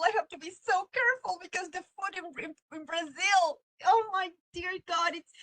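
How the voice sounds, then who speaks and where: A woman's voice: high voice, a bit bright, no room sound, poor audio. A woman teacher, chatting and telling stories on a video call, laughing often. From Mexico. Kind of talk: online class, casual lecturing.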